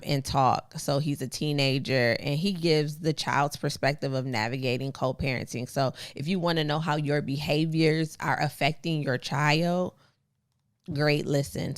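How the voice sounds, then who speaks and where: A woman's voice: low-pitched, dry recording, clean studio sound. A woman co-hosting a podcast in casual chat, speaking in an earnest, encouraging way. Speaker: podcast co-host.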